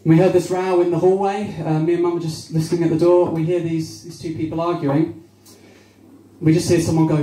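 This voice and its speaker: Chatty young stand-up man, high voice. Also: little pitch movement, brisk, dark tone. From Devon, England. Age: young adult. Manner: chatty, quizzes the crowd, acts out voices. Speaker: stand-up comedian. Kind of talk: stand-up comedy set. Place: small cafe-bar gig. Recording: roomy venue with faint crowd noise.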